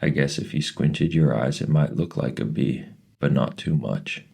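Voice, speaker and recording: A man reading aloud voices a mother calmly laying out a careful family travel plan, in a very deep, creaky voice. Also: moderate pace, full character voice. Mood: planning. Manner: orderly, practical, explaining. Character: organized, careful mother planning a family trip.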